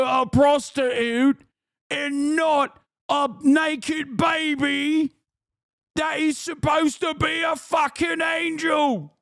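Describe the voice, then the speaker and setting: A man voicing an outraged medieval male art critic in a put-on British accent, shouting in a drawn-out indignant whine. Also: very high voice, vocal fry, no room sound, clean studio sound, voice pushed up, heavily acted.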